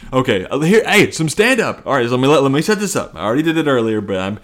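A man's voice: medium pitch, a bit bright. Rambling, profane male podcast host. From Cincinnati. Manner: rambling, profane, self-interrupting. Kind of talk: casual solo podcast rant.

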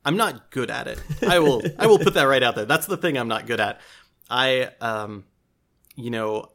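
A man's voice: medium pitch, normal speed, creaky, fairly bright tone. A man talking casually as a podcast guest and game designer, self-deprecating and often restarting his sentences with a laugh. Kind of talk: casual interview chat.

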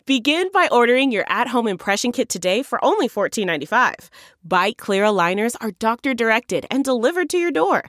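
Woman ad announcer, lively higher voice, dry studio read. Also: a little fast, no echo. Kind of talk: scripted ad read.

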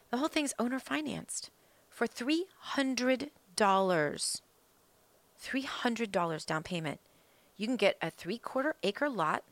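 A woman's voice: mid-range voice, fairly bright tone, dry recording. A woman hosting a political talk show, delivering a fired-up, emphatic monologue that is full of rhetorical questions. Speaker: political commentary host.

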